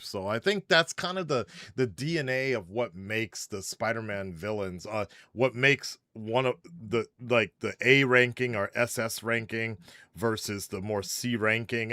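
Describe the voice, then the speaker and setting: A man's voice: mid-range voice, bright, forceful tone, no room sound. Rambling man from Japan, dry close sound. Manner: rambling, many fillers and restarts. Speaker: livestream panelist. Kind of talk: casual movie spoiler chat.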